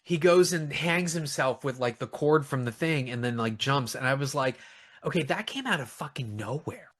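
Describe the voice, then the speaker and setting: A man co-hosting a casual film review, animated and swearing often, acting out lines from the movie in mocking voices. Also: medium pitch, moderate pace. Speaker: podcast co-host reviewing films.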